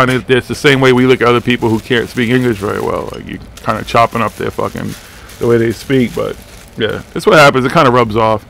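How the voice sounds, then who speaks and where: Man, radio host, gravelly voice, mid-pitched, rambling, swears casually. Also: a bit bright, a little hiss or hum. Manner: rambling, profane, laid-back. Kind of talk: casual live radio chat.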